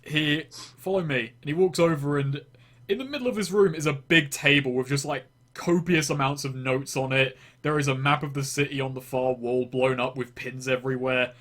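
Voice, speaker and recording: A man's voice: medium pitch, fairly quick, fairly bright tone. A man running a tabletop game as game master, describing scenes in a loose, rambling way and often restarting his phrases.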